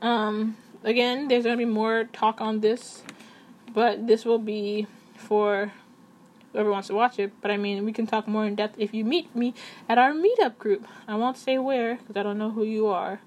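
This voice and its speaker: A woman's voice: a little high, fairly even intonation, normal speed, a little mellow, slight background noise. A woman talking casually to camera at her computer, chatty and rambling, often correcting herself. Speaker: vlogger.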